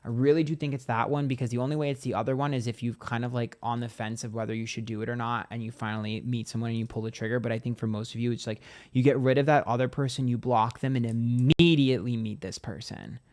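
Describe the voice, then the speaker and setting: A man at an ordinary middle pitch gives a loose, chatty tarot reading straight to his viewers. He swears freely and drifts into acting out small imagined scenes. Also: fairly even intonation, fast, few pauses, darkish tone. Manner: chatty and profane, acts out little scenes. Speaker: tarot reader. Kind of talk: casual tarot reading to camera.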